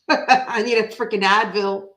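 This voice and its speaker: A tired woman from Canada chats loosely with her livestream viewers late at night. She calls people by name and laughs easily, and her voice sits at an ordinary middle pitch. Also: fairly even intonation, slow, fairly bright tone. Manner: chatty, talks to viewers by name, laughs often. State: tired, with a headache. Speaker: tarot reader on a livestream. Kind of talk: casual livestream chat.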